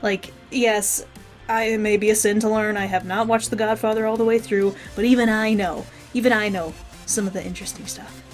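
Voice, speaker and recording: A woman's voice: medium pitch, steady tone, fairly quick, faint music behind. A woman giving a casual spoken review of a cartoon episode, rambling and frankly opinionated.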